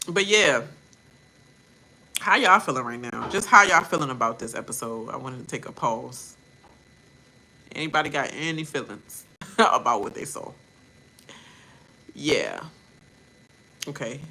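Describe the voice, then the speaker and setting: A woman hosting a reaction channel, ranting in a casual, animated way and mimicking people in quoted voices. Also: rumbling low, unhurried, long pauses.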